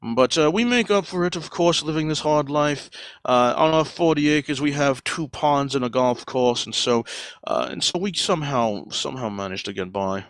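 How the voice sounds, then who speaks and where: A man voicing a pompous, boastful wealthy male duck gentleman who talks in halting, self-important phrases. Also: on the high side, dry recording, close to an everyday voice. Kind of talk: improvised comedy role-play.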